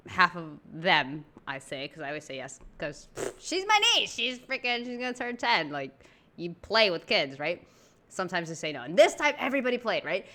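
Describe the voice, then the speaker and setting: A woman talks with a bright, forceful tone, animated and full of casual slang. She tells stories to the camera as a reaction host in a relaxed, chatty way. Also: mid-range voice. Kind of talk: casual chat.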